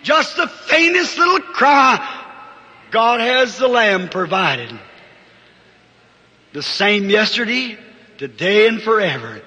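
A man preaching a fervent revival sermon in a large hall before a congregation, often rising to shouts. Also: high voice, sing-song, slow pace, pauses often. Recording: reverberant old hall recording.

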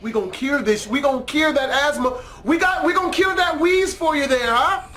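High, bright-voiced profane gamer man. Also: normal speed. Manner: profane, excitable, trash-talking with sudden yells. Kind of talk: let's play commentary.

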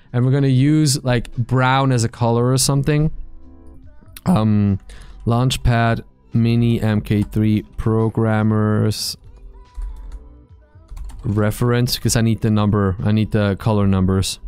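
A man's voice: fairly low pitch, a little mellow, clean tone. A man streaming live and chatting casually with his viewers, blunt and full of swearing as he rambles.

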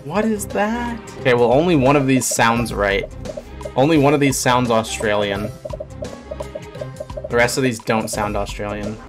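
A man's voice: medium pitch, expressive, unhurried, pauses often, over music. A man, a fish biologist streamer, giving casual reaction commentary, blunt and swearing, bursting into surprised questions.

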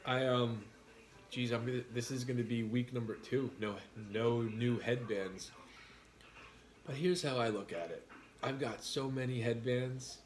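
A man's voice: medium pitch, measured pace, slight background noise. Chatty man telling stories on a livestream. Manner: animated storyteller, acts out quotes loudly. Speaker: livestream host. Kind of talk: casual chat reading viewer comments.

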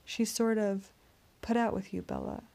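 A woman voicing a suave male vampire in an audiobook, speaking in a soft, courteous, menacing purr. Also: mid-range voice, little pitch movement, moderate pace, gravelly, lightly acted. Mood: silky menace. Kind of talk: audiobook character reading.

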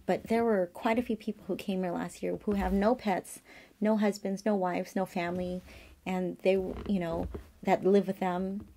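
A woman, a holistic health practitioner sharing a heartfelt personal message, earnest and halting with many fillers. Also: medium pitch, creaky, mellow. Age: 50s. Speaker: acupuncturist and massage therapist. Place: her office.

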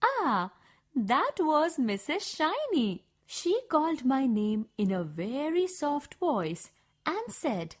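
A woman narrating a first-person children's story in an expressive, measured way. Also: sits high.

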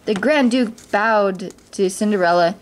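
A woman reading a children's storybook aloud in a gentle, steady way, with small slips now and then. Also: medium pitch, measured pace, a little hiss or hum.

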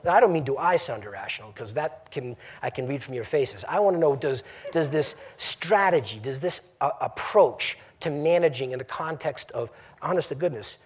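A man's voice: on the high side, breathy edge. A middle-aged man, a company CEO, giving an emphatic, conversational address to a college audience and often asking the room questions. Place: lecture hall.

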